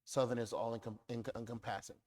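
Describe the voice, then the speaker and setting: A man speaking as a guest author in a public conversation, riffing through animated lists. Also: mid-range voice, fast talker.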